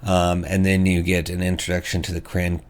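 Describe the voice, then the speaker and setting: A man's voice: sits low, completely flat delivery, normal speed. A man hosting a casual review of tabletop game books, talking hesitantly with many fillers and restarts.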